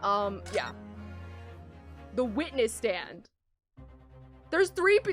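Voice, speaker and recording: A young woman chats through a courtroom game for her stream, giggling often and sounding flustered. Her voice sits high and swoops widely as she talks. Faint game music plays underneath. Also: sing-song, extremely slow, long pauses. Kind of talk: casual let's-play commentary.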